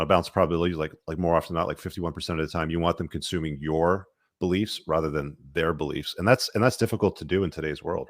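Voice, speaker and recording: A man hosting a podcast interview in a relaxed way, often saying "man" and "you know". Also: low voice, no room sound, studio quality. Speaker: podcast host.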